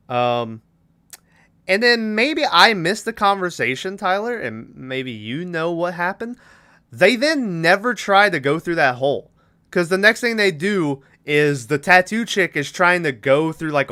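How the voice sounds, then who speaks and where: A man's voice: on the high side, sharp tone. A man on a podcast casually retelling a movie's plot and acting out the characters' lines in a rambling way. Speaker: podcast co-host.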